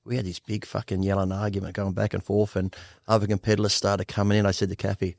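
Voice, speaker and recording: Guest: fast, low-voiced Australian man, blunt and profane, dry close mic. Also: little pitch movement, vocal fry, a little mellow, no echo. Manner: blunt, profane, laughs often. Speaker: guest bodybuilder. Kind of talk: candid storytelling interview.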